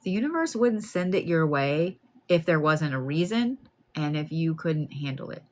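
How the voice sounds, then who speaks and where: Low-voiced chatty woman reading cards. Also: normal speed. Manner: chatty, plain-spoken, animated asides. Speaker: card reader. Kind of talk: live card reading.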